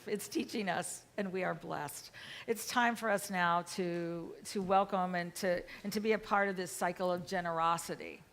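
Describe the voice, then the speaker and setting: A woman minister giving a sermon, speaking in a soft and reflective way and at times dropping nearly to a whisper. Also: medium pitch, gravelly, slight background noise.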